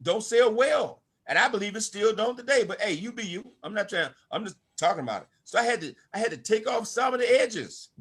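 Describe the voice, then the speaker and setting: An older network marketing speaker delivers an emphatic, preachy motivational talk to an online audience, calling out to his listeners. His husky voice sits high and sounds expressive and a bit bright, and he talks fast with few pauses.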